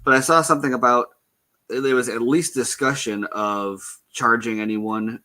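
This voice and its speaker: A man's voice: mid-range voice, fairly even intonation, moderate pace, pushed and bright. A man in a casual stream chat, talking things through thoughtfully with lots of ums and hedges.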